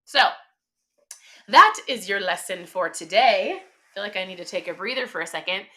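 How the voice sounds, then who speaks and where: A woman's voice: medium pitch, expressive, normal speed, pushed and bright. A woman in her thirties hosting a motivational live stream, talking emphatically and chattily with many fillers.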